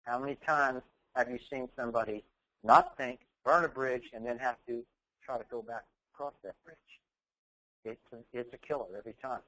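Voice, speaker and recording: A man giving a keynote talk to educators, telling a workplace story with punchy repetition and animated delivery. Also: medium pitch, normal speed, poor audio. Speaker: motivational speaker.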